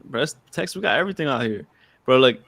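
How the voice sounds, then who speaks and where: A young man hosts a podcast in loose casual chat. He is animated and throws "bro" and "yo" into his talk. His voice sits at a middle pitch for a man. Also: fast, vocal fry. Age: young adult. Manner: animated, says "bro" and "yo" a lot. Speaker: podcast host.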